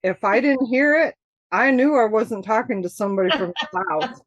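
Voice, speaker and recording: A woman's voice: fairly high pitch, moderate pace, no room sound, highs cut off. Chatty Michigan woman, dry close sound. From Michigan, USA. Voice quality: chatty, laughs often, animated storytelling. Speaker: author guest. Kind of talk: casual interview chat.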